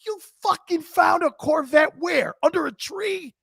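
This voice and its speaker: A man's voice: high-pitched, big pitch swings, normal speed, bright, forceful tone, dry recording, clean studio sound, voice pushed up, full character voice. A man putting on a furious older football coach who screams and swears at a player.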